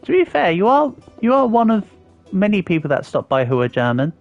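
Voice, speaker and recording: A man's voice: high voice, big pitch swings, brisk, vocal fry, lo-fi sound, faint music behind. An English man in his thirties, chatting casually on a live stream and answering viewers' comments as he builds. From England. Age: 30s. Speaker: livestreamer.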